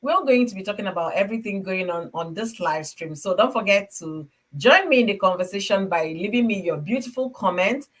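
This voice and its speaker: A woman's voice: mid-range voice, expressive, a little fast, hardly any pauses, a bit bright. A woman with a Nigerian accent hosting a casual livestream from home, chatting with viewers and greeting them by name. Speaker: livestream host.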